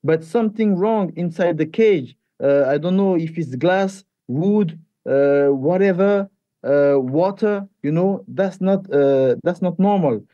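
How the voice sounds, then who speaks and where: Guy, fighter, english, kinda highish mellow voice, halting and repeating himself, dull dry audio. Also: no room sound. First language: French. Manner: halting, repeats words, animated when retelling. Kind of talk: interview answers.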